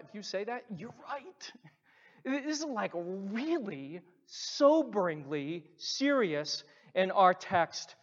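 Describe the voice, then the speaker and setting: A pastor preaching a sermon to a congregation, emphatic, repeating key words, and swinging between loud stresses and hushed asides. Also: mid-range voice. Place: church sanctuary. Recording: dull sound with long hall reverb.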